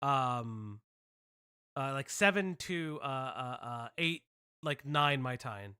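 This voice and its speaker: A man's voice: mid-range voice, animated, slow pace, sharp tone, clear, resonant tone. A man hosting a live commentary stream, talking bluntly and offhandedly with plenty of swearing. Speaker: streamer host.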